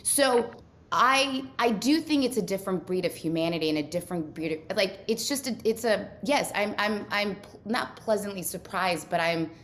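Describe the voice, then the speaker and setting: A woman's voice: mid-range voice, lively intonation, a little fast, few pauses. A woman from Ukraine, a guest in a casual interview, speaking earnestly in long run-on thoughts.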